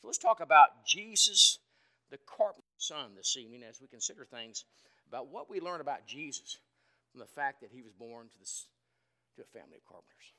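Guy preaching, high bright voice, folksy, goes loud then real quiet. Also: expressive, a little fast. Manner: folksy, conversational, asks the congregation questions; dynamic, swings from loud to quiet. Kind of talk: evening sermon.

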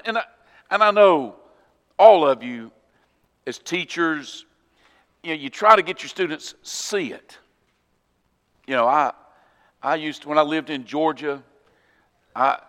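A man preaching a sermon, animated storytelling that acts out scenes and quotes scripture. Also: fairly high pitch. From Florida. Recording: long hall reverb.

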